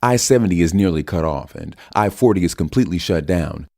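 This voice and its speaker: A male narrator plays a composed male senator speaking earnestly and in measured phrases. The voice sits a little above his own. It is part of an audiobook reading. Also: low-pitched, lively intonation, gravelly, a little mellow, exaggerated voice.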